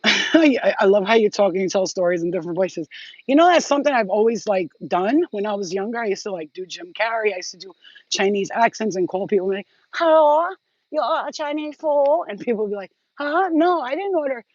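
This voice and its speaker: A woman's voice: mid-range voice, quick pace, a little mellow, dry recording, muffled recording. A woman hosting her own channel, telling rambling, profane stories in a casual vlog. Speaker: channel host.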